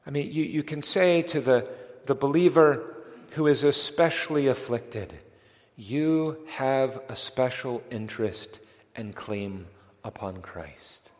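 A man preaching a sermon in an earnest, emphatic voice, stumbling over words as he builds to a climax. His voice has a middle pitch and rings out with the long reverb of a large church hall. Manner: earnest, emphatic, with repeated restarts and rising intensity.

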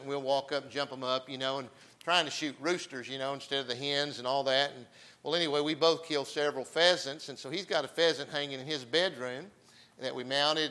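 Older man, mid pitch, bright tone; folksy storytelling preacher, peppers with "amen.". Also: rough recording. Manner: folksy, chatty, frequent amens.

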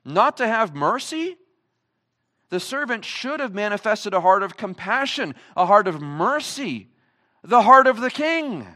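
High, lively-voiced male preacher. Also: measured pace. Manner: emphatic, asks the congregation many rhetorical questions. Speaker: pastor. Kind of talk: sermon. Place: church service.

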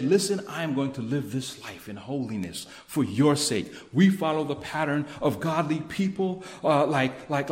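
A man pastor preaching a sermon, with emphatic rising bursts and quick asides. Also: on the high side, roomy sound. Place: church sanctuary.

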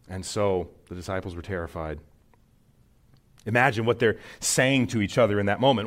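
A man's voice: fairly low pitch, moderate pace. A man preaching a sermon in an earnest teaching manner, rising sharply on emphatic points. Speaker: pastor.

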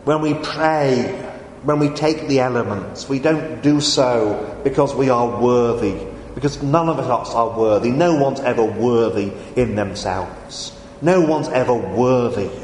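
A man preaching a communion sermon in a church, slow and earnest, repeating his phrases. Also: mid-range voice. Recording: echoey hall, faint room noise.

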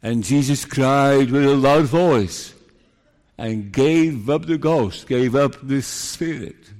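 A man preaching a sermon, moving from hushed, solemn passages to emphatic rises. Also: mid-range voice, takes it slowly. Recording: long hall reverb.

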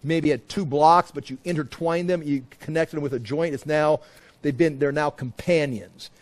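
A man with a somewhat raised pitch walks through a Bible passage verse by verse. He talks in a loose, conversational way, stumbling over and repeating words. He slips into different voices when he quotes people. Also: moderate pace, a little mellow. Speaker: Bible teacher.

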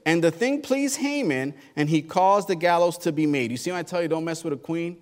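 A male pastor preaching a sermon, reading scripture aloud and retelling the story in lively, colloquial asides. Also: on the high side, moderate pace, hardly any pauses, long reverb tail. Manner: animated, colloquial Bible storytelling.

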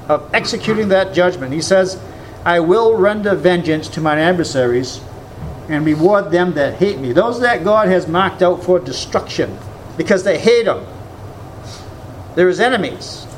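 Emphatic, high-voiced male preacher. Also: a little hiss or hum. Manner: emphatic preaching, quoting scripture, rhetorical questions. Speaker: pastor. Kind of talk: sermon.

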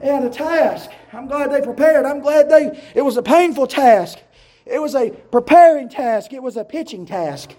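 A man preaching a sermon in a church, shouting in rising, chanted cadences. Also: extremely high pitch, expressive, normal speed. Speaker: pastor. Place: church sanctuary. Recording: roomy church sound from a distant mic.

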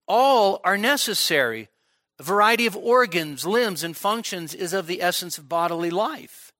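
A middle-aged pastor preaches an expository sermon at a midweek church service, emphatic and often repeating words as he builds a point. His high, bright voice is forceful, with lively intonation and a moderate pace, recorded dry with clean studio sound.

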